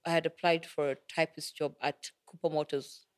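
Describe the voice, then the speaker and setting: Speaking low with little pitch movement at normal speed, this middle-aged woman from Kenya is an interview guest. She's chatty, laughs a lot, and acts out the dialogue in her casual stories.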